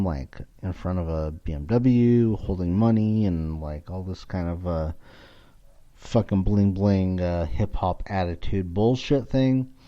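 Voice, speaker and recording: A man's voice: fairly low pitch, warm tone. A man around forty hosting a podcast, giving a blunt, profane casual monologue. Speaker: podcast host. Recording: dull lo-fi recording.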